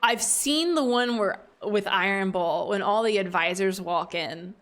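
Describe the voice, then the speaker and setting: Streaming a game, this woman from the Southern United States rambles in casual chat, her Southern American accent clear. She speaks at a measured pace in a mid-range, slightly bright voice.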